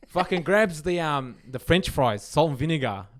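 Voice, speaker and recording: Australian man, higher voice, sweary rambling anecdote, casual podcast chat. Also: moderate pace. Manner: animated, rambling anecdotes with swearing and many restarts. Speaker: podcast co-host.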